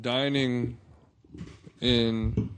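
A man's voice: mid-range voice, flat delivery, very slow, smooth. Teasing male podcast co-host. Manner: joking, teasing. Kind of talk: casual chat.

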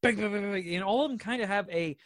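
Speaking fast in a mid-range voice, a woman co-hosts a podcast and chats casually while reviewing a TV episode. She rambles, giggles, and says "like" a lot, recorded in clean studio sound with no room noise.

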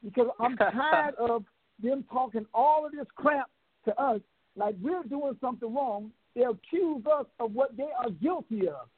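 Man caller, fiery preachy ranter, high husky voice, tinny phone line. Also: lively intonation, a little slow, dry recording. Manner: fiery, preachy, repeats himself. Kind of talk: heated call-in rant.

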